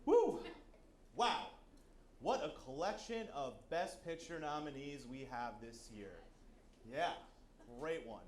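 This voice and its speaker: A man doing a stand-up bit as a confidently wrong film critic, deadpan, on a stage before a live audience. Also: fairly high pitch, unhurried, slight background noise. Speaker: comedian playing a film critic. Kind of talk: live sketch comedy. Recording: roomy stage sound with crowd.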